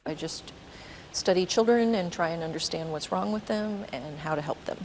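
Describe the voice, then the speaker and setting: A woman researcher calmly explaining in an expert interview. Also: fairly low pitch, normal speed, a little hiss or hum, poor audio. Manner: explanatory, calm.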